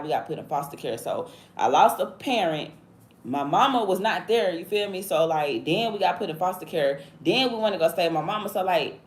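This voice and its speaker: A woman in her thirties livestreaming and talking casually in slang, often asking "you feel me?". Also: fairly low pitch. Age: 30s. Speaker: livestream host. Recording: echoey room with faint background noise.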